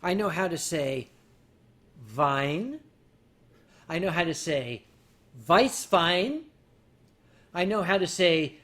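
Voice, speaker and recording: An older man hosting a livestream, rambling through stories to his chat while drinking, mocking himself and turning loud on the punchlines. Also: high-pitched, takes it slowly, pauses often. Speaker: livestream host. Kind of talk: casual storytelling to a chat.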